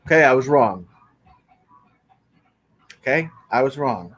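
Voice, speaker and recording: A man's voice: mid-range voice, animated, slow pace, fairly bright tone. Profane man bickering with his live chat. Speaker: livestreamer. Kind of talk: casual live stream chat reading comments. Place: bedroom.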